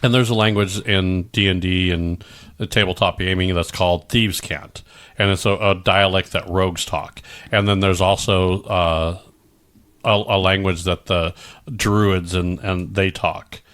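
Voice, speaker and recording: The podcast co-host has a low, fairly bright voice and an even, unhurried delivery. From the American Midwest, he chats casually, wanders off on tangents, restarts often, and lapses into goofy character voices.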